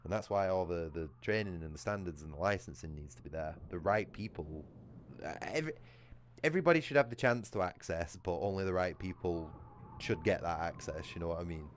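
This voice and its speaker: A man's voice: sits low, a little fast, a little hiss or hum. A British man chatting casually on a livestream, ranting with heavy swearing. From United Kingdom. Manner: profane, ranting.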